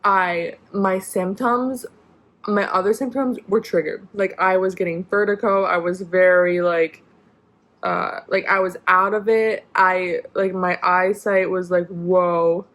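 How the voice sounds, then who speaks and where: A woman's voice: mid-range voice, steady tone, unhurried, fairly bright tone. Young woman, casual storytime vlog, rambling, lots of fillers. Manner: rambling, many "like" fillers and restarts. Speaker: vlogger.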